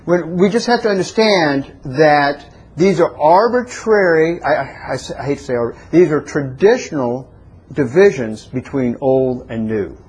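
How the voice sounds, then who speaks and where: Husky, excitable Bible teacher, a man. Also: moderate pace, poor audio. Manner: excitable, rises sharply in pitch when stressing points; restarts and corrects himself often. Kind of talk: Bible class lecture.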